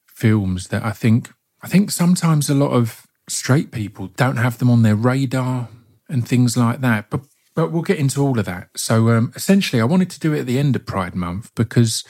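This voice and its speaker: A man hosting a solo podcast, talking softly and gently in a heartfelt way. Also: mid-range voice. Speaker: podcast host.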